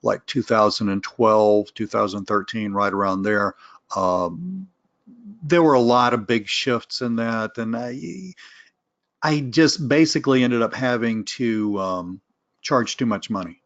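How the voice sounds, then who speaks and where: A man's voice: lowish voice, unhurried, a bit bright, no echo, highs cut off. A middle-aged man hosting a casual live Q and A webinar, rambling through answers with many restarts and candid asides. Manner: rambling, full of restarts and fillers; candid, self-aware asides. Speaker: webinar host answering viewer questions.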